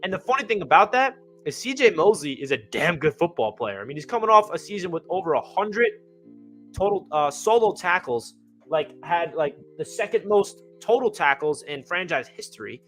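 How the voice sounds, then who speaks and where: Young guy vlogging about his team, kinda high voice, likes and ums everywhere, hiccuping, soft music underneath. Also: big pitch swings, normal speed. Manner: rambling, enthusiastic, many fillers. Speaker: fan channel host. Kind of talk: casual football commentary.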